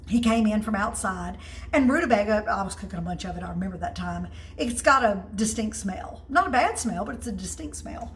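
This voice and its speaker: A woman, chatting excitedly and telling stories while cooking in her home kitchen. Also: medium pitch, a little hiss or hum, poor audio. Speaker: home cook host. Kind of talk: casual cooking video chat.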